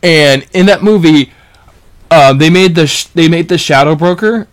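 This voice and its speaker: A young man in casual chat as a podcast co-host, rambling and animated, restarting sentences as he retells scenes. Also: fairly high pitch, moderate pace. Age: young adult.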